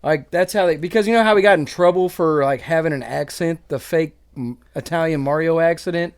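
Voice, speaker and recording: Rambling man, slightly high voice. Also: brisk, smooth, dry recording. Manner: rambling, self-correcting. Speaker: podcast co-host. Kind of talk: casual chat.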